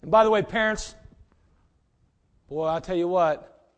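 A man preaching a sermon in a folksy, direct way, swinging between loud emphasis and quiet asides. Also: high voice, a little slow, long pauses.

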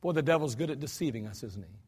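A man preaching a sermon as pastor, talking conversationally and dropping to quiet spoken lines before sudden shouted demonstrations. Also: mid-range voice, animated, quick pace, husky. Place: church sanctuary.

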